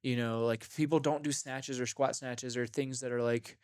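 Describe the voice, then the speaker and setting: A man in the middle pitch range co-hosts a podcast recorded in a gym. He rambles animatedly, with lots of filler words and the odd curse. The sound is dry and close-miked. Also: normal speed, smooth, no room sound. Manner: animated, swearing, rambling with many "like"s. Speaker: podcast co-host. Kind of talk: casual chat.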